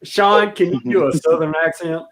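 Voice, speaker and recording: Chuckling American man, slightly high voice. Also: fairly even intonation, moderate pace, a bit bright. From middle of the United States. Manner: laughs often, asks easy questions. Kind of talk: casual chat.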